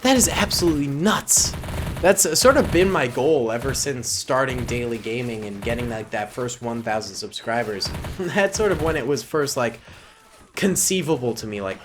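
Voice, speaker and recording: Excitable twenty-something male gaming host, goofy casual commentary, steady mid-range voice, loud game gunfire under the mic. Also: medium pitch, moderate pace. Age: 20s. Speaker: gaming YouTuber. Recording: gunfire and battle noise under voice. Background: game gunfire and explosions.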